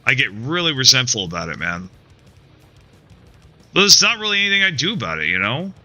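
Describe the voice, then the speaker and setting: A male streamer venting while he plays a game live, swearing often and circling back on his thoughts. His voice is strikingly bright and edgy, and it swings widely in pitch. Soft music sits behind him on a dry, close mic. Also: big pitch swings, brisk, dry recording. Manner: rambling, profane, frustrated, with frequent restarts and "man" and "dude". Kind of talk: casual live-stream chat while playing.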